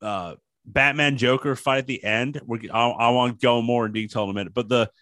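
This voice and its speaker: A man talks through a film with friends in a loose, rambling way, stopping and restarting his thoughts and slipping into quoted lines. His voice sits at an ordinary pitch and sounds dry and close, with no room around it. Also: steady tone, fairly quick, pushed and bright, no echo. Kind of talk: casual movie chat.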